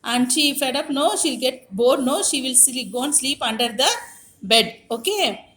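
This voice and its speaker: A woman's voice: high voice, animated, moderate pace, fairly bright tone. A preschool teacher, teaching small children in a sing-song, coaxing way and repeating her questions. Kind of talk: classroom teaching to young children. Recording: echoey classroom, faint noise.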